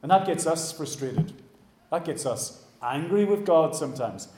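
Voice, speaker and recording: A man's voice: fairly high pitch, expressive, a little slow, background noise. A man preaching a sermon, talking conversationally and addressing his congregation directly in a church hall. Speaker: pastor.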